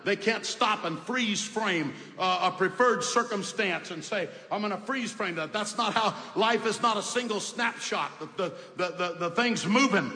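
A man preaching an emphatic sermon, shouting at times and dropping to soft asides. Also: high-pitched, measured pace, hardly any pauses. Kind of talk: fiery sermon. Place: large hall with congregation. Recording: echoey hall, faint ambience.

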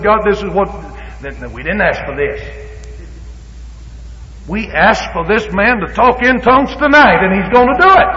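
A man's fairly high, somewhat bright voice carries a Pentecostal sermon delivered with fervent emphasis, including bits of acted-out dialogue. The setting is a church or revival hall, and the recording sounds dull, lo-fi, and echoey.

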